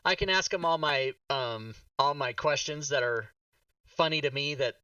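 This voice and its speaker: Streamer host, man, bright edgy voice, sounds a bit off-mic and lo-fi. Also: on the high side, moderate pace, smooth, no room sound. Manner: blunt, joking, swears casually. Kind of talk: casual chat on a live stream. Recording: dull, distant, dry mic.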